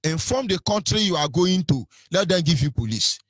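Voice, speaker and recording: A man's voice: a little high, animated, moderate pace, fairly bright tone, no echo. A Nigerian-accented man presenting on radio in a combative, taunting rant, hurling insults with sing-song lilts.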